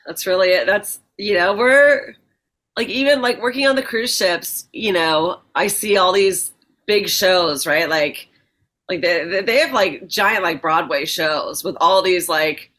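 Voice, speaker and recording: Woman, forties, comedian guest, low-ish voice, laughs a lot, casual swearing. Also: unhurried, a bit bright. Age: 40s. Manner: chatty, laughing, swears freely. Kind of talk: casual interview chat.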